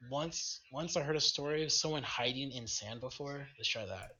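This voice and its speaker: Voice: mid-range voice, normal speed, sharp tone, a little hiss or hum. A player at a tabletop game, offhand and joking. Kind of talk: casual chat at a gaming table.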